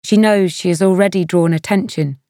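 A woman narrating an audiobook in a measured, even storytelling manner, recorded close to a studio mic. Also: lowish voice, dry recording. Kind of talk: scripted narration.

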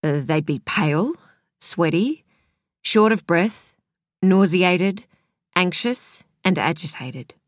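A woman reading an audiobook, voicing a man who is a doctor, explaining symptoms in a calm, clinical way. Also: sits high, takes it slowly, no room sound, studio quality. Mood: serious. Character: male doctor boyfriend, calm and serious. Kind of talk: audiobook character voice.

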